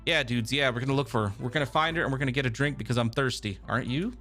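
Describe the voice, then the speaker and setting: A man's voice: mid-range voice, rapid-fire, pushed and bright, soft background music, lightly acted. A man doing a thirsty drunk costumed partier. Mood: eager. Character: drunk thirsty partier in a red superhero suit.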